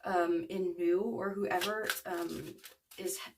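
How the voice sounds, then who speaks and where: A woman's voice: fairly low pitch, steady tone, takes it slowly, distant mic, background noise. A woman in her twenties giving a casual tarot reading to viewers, rambling with lots of fillers. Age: 20s. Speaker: tarot card reader.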